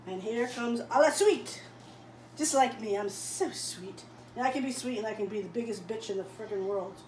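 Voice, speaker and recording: A woman chatting playfully as she cooks in a home kitchen, filling pauses with little nonsense sounds. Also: a little high, a little mellow, recorded from a distance, a little hiss or hum. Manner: chatty, playful, fills gaps with blah blah and la la. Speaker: home cook. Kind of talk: casual cooking vlog. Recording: roomy sound from off the mic, faint ambience.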